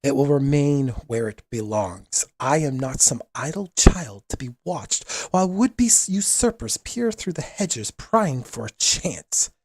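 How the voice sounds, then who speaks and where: A man's voice: mid-range voice, lively intonation, a little slow, hardly any pauses, husky, dry recording, voice pushed up. A man playing a defiant young prince. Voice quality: ringing, youthful, steely. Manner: formal, commanding speech. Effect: amplified over a loudspeaker.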